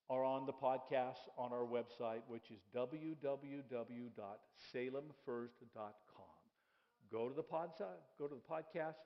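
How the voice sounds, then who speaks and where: A joking pastor in a reverberant hall. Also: male voice, mid-range voice, dull audio. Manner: conversational and joking, checking in with the congregation; drops to a soft, hushed voice for dramatic passages. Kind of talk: sermon.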